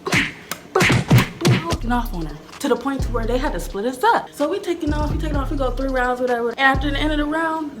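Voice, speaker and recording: A woman in her twenties telling a story, casual and profane, acting out the action with sound effects like booms. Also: expressive, fast talker, over music. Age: 20s.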